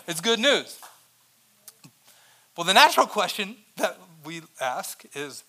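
Male pastor, sermon delivery, high bright voice, energetic and chatty, big emphatic swings in volume. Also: takes it slowly, pauses often. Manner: energetic, swings between loud emphasis and quiet asides; conversational and joking with the congregation.

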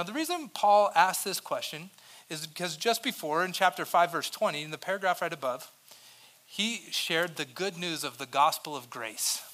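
High, bright-voiced energetic male pastor. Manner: energetic, swings between loud emphasis and quiet asides; conversational and joking with the congregation. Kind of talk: sermon.

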